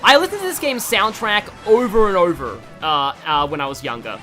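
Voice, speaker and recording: Animated and fairly quick, a medium-pitched voice with a sharp tone belongs to an Australian-accented gaming streamer. The casual let's-play commentary rambles with many restarts and fillers while faint music plays behind.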